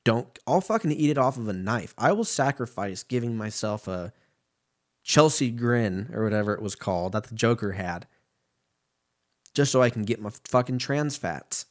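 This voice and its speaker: A man's voice: mid-range voice, lively intonation, normal speed. A man in his thirties, hosting a casual podcast and rambling in a profane, joking way. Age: 30s.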